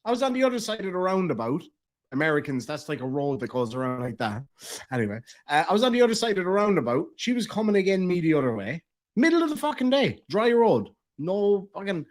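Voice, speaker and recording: Irish man, high voice, very lively pitch, profane casual commentary, laughs mid-story. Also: quick pace. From Ireland. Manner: profane, laughs through his own stories. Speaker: streamer reacting to a livestream.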